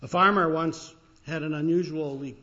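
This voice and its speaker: A man with a fairly high voice preaches a sermon as a pastor. He talks in an unhurried, reflective way, pausing often and using fillers, on a dull, lo-fi recording. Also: steady tone, bright, forceful tone.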